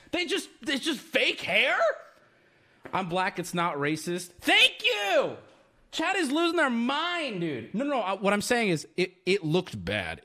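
Excitable streamer man, high and bright. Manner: rambling, excitable, swears a lot. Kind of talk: casual live-stream chat.

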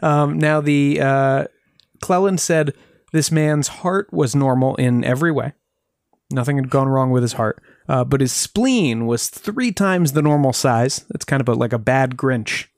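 A man's voice: medium pitch, a little slow, dry recording. A man co-hosting a podcast, telling a mystery case with dry jokes in casual chat. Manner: dry, joking storyteller. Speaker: podcast co-host.

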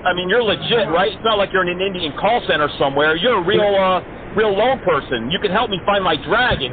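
Brief: high-pitched male prankster, mocking and profane, tinny phone audio. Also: expressive, brisk, hardly any pauses, crowd noise. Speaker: scam baiter.

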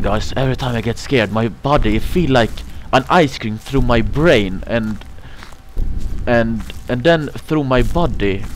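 A man's voice: medium pitch, a little hiss or hum. A man playing a horror game for his channel, talking in simple non-native English and swearing and yelping whenever he gets scared. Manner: panicky, screams and swears when scared. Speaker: gaming YouTuber. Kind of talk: horror game let's play. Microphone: cheap mic, face cam.

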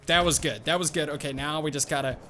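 A man hosting a gaming video, giving excitable live commentary full of exclamations as he plays. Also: a little high, quick pace, faint music behind. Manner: excitable, exclaiming and self-hyping. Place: at a home computer desk.

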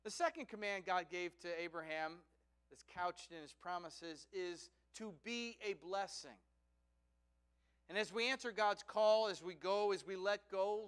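A male preacher giving a sermon in a fairly high, clear voice. He tells a story to make his point and often checks in with his listeners with a "right?". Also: a bit bright.

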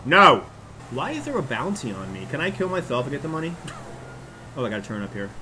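Animated young man narrating gameplay. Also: mid-range voice, fast, background noise. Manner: animated, exclaims and yells at the game. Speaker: gaming YouTuber. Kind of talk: casual gameplay commentary.

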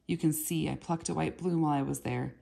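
A woman's voice: deep voice, fairly quick, creaky, dark tone, full character voice. A woman reading aloud and voicing a thin, frightened boy who pleads and stammers. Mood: anxious. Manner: pleading, stammering, raising his voice when cornered.

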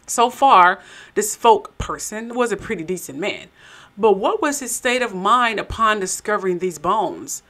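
A woman's voice: mid-range voice, animated, unhurried, a bit bright. A woman hosting and narrating a commentary show, with sarcastic, skeptical asides. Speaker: show host.

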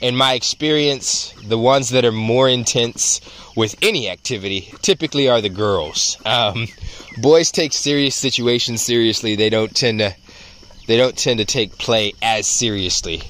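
A man teaching dog training outdoors, explaining in a relaxed way with frequent ums and restarts. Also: mid-range voice, normal speed, slight background noise. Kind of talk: casual outdoor instruction.

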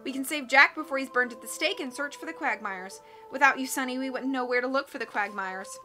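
Practical older girl, read by a woman, brisk, higher pitch. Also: sharp tone, faint music behind. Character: practical inventive girl, eldest sister.

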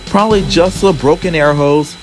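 A man voicing a calm, matter-of-fact male train driver. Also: on the high side, moderate pace, music in the background, pitched above the performer's own voice, lightly acted, poor audio.

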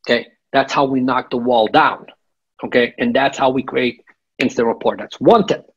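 A man's voice: medium pitch, steady tone, normal speed, husky, muffled recording. A man coaching as an interview guest, emphatic and checking in with the listener. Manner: emphatic, checks in with repeated "okay?". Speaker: real estate coach, guest.

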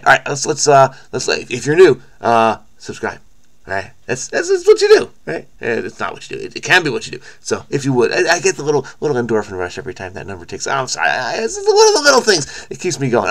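In a mid-range voice with a sharp edge, a man narrates his crossword solving on video. It's casual, scattered think-aloud talk, peppered with false starts and stammers.

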